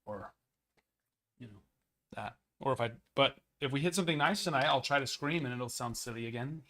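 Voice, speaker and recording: A man hosting a card break livestream, slightly raspy and hoarse as he recovers from a cold, chatting and teasing playfully. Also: medium pitch, brisk, fairly bright tone. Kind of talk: casual livestream chat.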